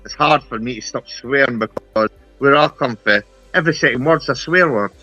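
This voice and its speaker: A man's voice: medium pitch, moderate pace, bright, forceful tone, no room sound, highs cut off, faint music behind. A Scottish man in casual chat who talks bluntly, swears freely and ends his lines with "right?". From Scotland. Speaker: chat participant.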